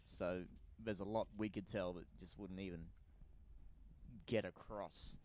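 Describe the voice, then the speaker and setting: Low-voiced laid-back musician. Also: male voice, fairly even intonation, a little slow, a little mellow, a little hiss or hum. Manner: laid-back, swears, self-mocking. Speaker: band member guest. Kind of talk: casual chat. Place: live recording in a bar.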